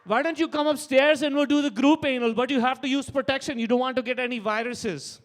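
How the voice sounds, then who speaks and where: A man's voice: very high-pitched, fairly even intonation, quick pace, pitched above the performer's own voice. A man voicing his middle-aged mother, earnest and muddled as she mixes up computer words. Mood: eager. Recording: long reverb in a club.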